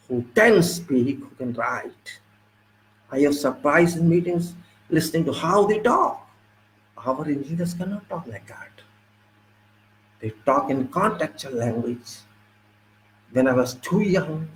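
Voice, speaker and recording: A man with an Indian accent giving an unscripted engineering lecture, forceful and indignant, pressing his points with sharp rhetorical questions. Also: a little high, roomy sound, low-quality recording. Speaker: civil engineering instructor.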